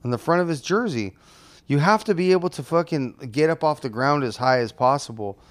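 A man's voice: fairly high pitch, animated, brisk. A man co-hosting a podcast, talking bluntly and heatedly about football with heavy swearing. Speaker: podcast co-host. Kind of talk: casual chat.

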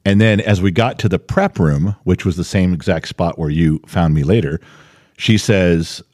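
A man co-hosting a podcast in casual chat, telling a story with animated delivery and putting on the voices of the people in it. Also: deep voice, moderate pace, dry recording, studio quality. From Central California. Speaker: podcast co-host.

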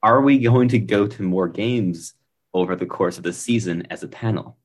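Man, podcast host, husky, fairly low voice, casual questions. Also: moderate pace. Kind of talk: casual panel chat.

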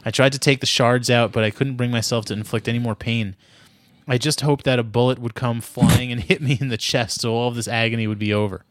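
Male podcast host, mid-pitched, doing a mock-serious read of an overwrought story; dry, close mic. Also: fairly even intonation, fairly quick, dry recording. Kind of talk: dramatic reading with banter.

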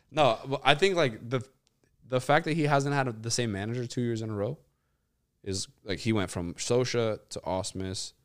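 A man's voice: mid-range voice, moderate pace. A man in his twenties, casual and profane, joking and rambling on a sports chat show. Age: 20s. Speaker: podcast co-host.

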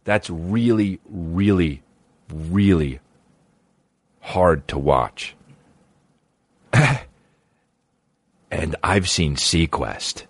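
Low-voiced young dude rambling and cussing over clips, lots of false starts, dry close mic. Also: male voice, extremely slow, pauses often, dry recording. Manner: rambling, profane, stammering restarts. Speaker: streamer reacting to videos. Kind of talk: casual comedic commentary.

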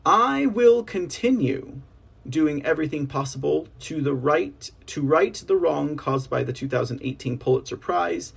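Gravelly, husky male livestream host. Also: a little high, expressive, a little slow. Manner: rambling, addresses the audience as ladies and gentlemen; reads statements aloud, chats with viewers. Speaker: host of an online political news show. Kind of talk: casual livestream commentary. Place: home setup on a slow connection.

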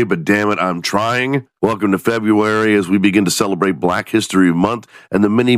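A man's voice: low voice, dry recording. A man hosting a comedy podcast, congested and nasal from a cold, with a crude, sarcastic, joking delivery. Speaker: podcast host. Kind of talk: casual comedic news commentary.

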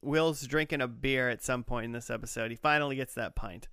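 A man's voice: medium pitch, brisk, pushed and bright, no room sound, studio quality. A man co-hosting a podcast in casual chat, rambling with many "like"s and "you know"s. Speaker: podcast co-host.

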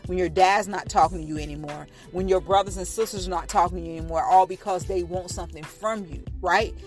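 A woman's voice: on the low side, fairly even intonation, fast talker, faint music behind. A woman in her thirties giving a candid personal testimony, talking straight to her listeners in an earnest, repetitive way. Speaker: speaker sharing her testimony.

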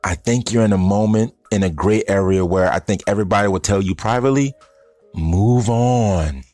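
A man's voice: lowish voice, quick pace, a little mellow, no room sound, soft background music. A man giving a blunt, rambling, casual opinion monologue to his audience of stoners. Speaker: vlogger addressing stoner audience.

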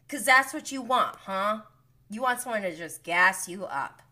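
A woman hosting a live recap stream, talking in an animated, indignant way with lots of filler "like". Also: mid-range voice, unhurried. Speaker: recap show host. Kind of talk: casual live recap commentary.

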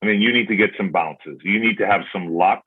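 This man, once a hockey pro, chats as a podcast guest, spinning casual stories and performing lines he used to say. His lowish voice runs a little fast and slightly rough, and the sound is tinny like a phone call.

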